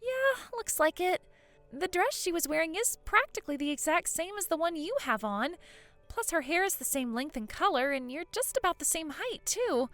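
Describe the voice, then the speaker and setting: A woman voicing an excitable teenage granddaughter in a voiced story drama, chatty and blunt. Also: very high voice, normal speed, dry recording, soft background music, full character voice. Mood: reporting.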